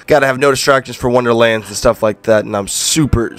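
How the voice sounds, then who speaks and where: Young guy hyping up his gameplay, slangy and trash talking, middle pitched voice, game music going behind. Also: brisk. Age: young adult. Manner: hyped, slangy, playful trash talk. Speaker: gaming YouTuber. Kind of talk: gameplay commentary. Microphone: desk microphone.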